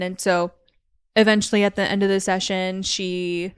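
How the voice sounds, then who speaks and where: A woman's voice: mid-range voice, little pitch movement, moderate pace, clear, resonant tone. A young woman hosting a podcast, talking candidly about therapy and faith, with many "like" fillers. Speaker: podcast host. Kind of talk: personal faith talk.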